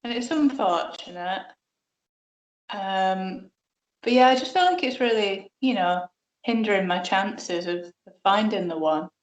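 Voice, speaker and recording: A woman performing deadpan comic dialogue in a sketch. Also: mid-range voice, measured pace. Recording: roomy, dull sound.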